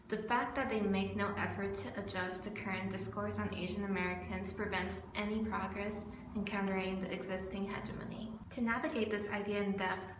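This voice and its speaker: A young woman from California, a student narrating her video essay from a script, earnest and steady. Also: mid-range voice. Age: young adult. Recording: roomy with faint background noise.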